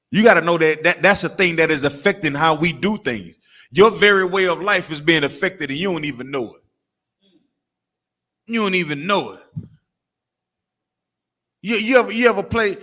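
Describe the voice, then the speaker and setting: A man with a Southern US accent preaches a lesson to a small group. His voice sits a little high, and he drives each point home by repeating himself and naming the people around him. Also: pushed and bright. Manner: emphatic, repetitive, calls on others by name. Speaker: teacher leading a street class.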